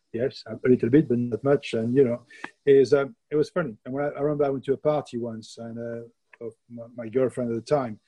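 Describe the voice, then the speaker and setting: A man's voice: medium pitch, warm tone, breathy edge, rough recording. A middle-aged man from France with a French accent, a baker telling laughing, plainspoken stories as a guest in a casual interview.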